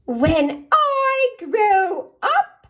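A woman's voice: extremely high pitch, sing-song, drawn-out words, fairly bright tone, pitched above the performer's own voice, full character voice. A woman voicing an eager, boastful young female caterpillar in a singsong, self-important way.

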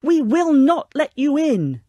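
A woman's voice: lowish voice, very animated, normal speed, a little mellow, slightly rough, dry recording, dull audio, exaggerated voice. A woman voicing little male pigs in a storybook reading, squealing and shrieking. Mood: shrill defiant.

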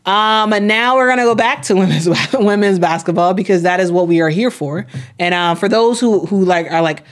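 A young woman with a medium-pitched voice hosts a sports live stream at a normal speed, chatting casually and reading chat comments aloud. She often repeats herself and uses plenty of fillers.

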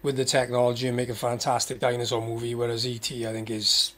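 A man on a livestream panel, calmly weighing his opinion in casual chat. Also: mid-range voice. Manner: measured, weighing options.

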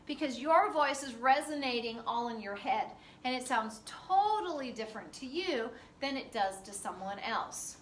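Bright-voiced woman lecturing in an echoey room. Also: high voice. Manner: chatty, loose, many fillers. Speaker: physiology teacher. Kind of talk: classroom lecture. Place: classroom. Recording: echoey classroom from far off, faint noise.

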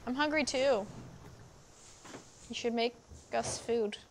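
A young woman gives bubbly, chatty commentary on her first playthrough of a video game, exclaiming often. Her voice is on the high side and she takes it slowly. Game music plays behind her, with a little hiss or hum in the audio.

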